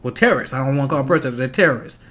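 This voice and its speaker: A man's voice: medium pitch, expressive, a bit bright. A man delivering a heated, profane political rant, angry and laughing scornfully between points. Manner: angry, fast, profane, laughs mid-sentence. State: agitated. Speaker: political commentator.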